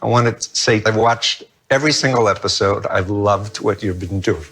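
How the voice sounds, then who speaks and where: A man's voice: lowish voice, normal speed, slightly rough. A man speaking emphatically and with feeling, giving an emotional tribute in an interview. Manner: emphatic, animated praise. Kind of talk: documentary interview. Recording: music underneath.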